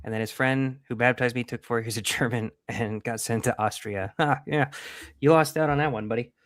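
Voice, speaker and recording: A man's voice: medium pitch, fairly quick, dry recording, clean studio sound. A man co-hosting a podcast, telling self-mocking anecdotes in casual chat and laughing often. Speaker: podcast co-host.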